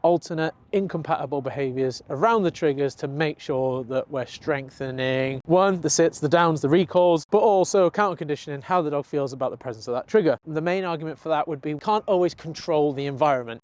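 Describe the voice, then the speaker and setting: A young man from the UK, a dog trainer, giving an earnest, explanatory lesson and acting out his dog's thoughts in quick asides. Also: fairly high pitch, a little mellow. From United Kingdom. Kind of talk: talking-head training lesson.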